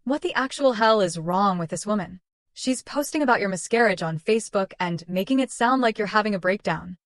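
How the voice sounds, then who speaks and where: A woman's voice: medium pitch, animated, a little fast, no echo, close to an everyday voice. A woman reading the lines of a young woman's blunt, protective best friend who speaks firmly, recorded dry. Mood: outraged. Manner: firm, outraged.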